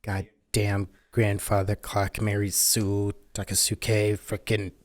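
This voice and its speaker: A man's voice: fairly low pitch, completely flat delivery, slow. A man co-hosting a casual card game podcast, wry and joking, with sarcastic asides and mild grumbling. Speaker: co-host.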